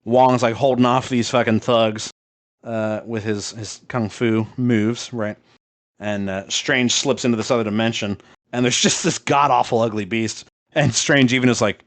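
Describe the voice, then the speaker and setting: A man's voice: medium pitch, fairly even intonation, normal speed, no room sound. Laid-back man, dry close sound. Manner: loose and profane, heavy on fillers, laughs while talking. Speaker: podcast co-host. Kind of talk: casual chat retelling a comic.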